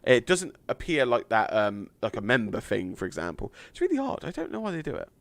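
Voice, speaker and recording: A man chatting on a live game stream, thanking donors with lots of fillers, a little hoarse from losing his voice. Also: mid-range voice, huge pitch swings, brisk, dry recording.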